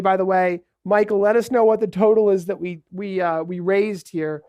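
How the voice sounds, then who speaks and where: A man's voice: high-pitched, clear, resonant tone, no echo, studio quality. A man hosting a live charity stream, casually walking viewers through his tech setup. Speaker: host. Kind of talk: live stream host wrap-up. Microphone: video call.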